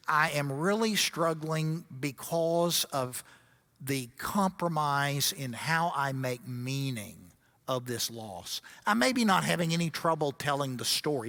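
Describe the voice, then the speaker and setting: Wry, bright-voiced male lecturer. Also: a little high. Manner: storytelling with wry asides. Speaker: guest speaker at a grief seminar. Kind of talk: seminar lecture.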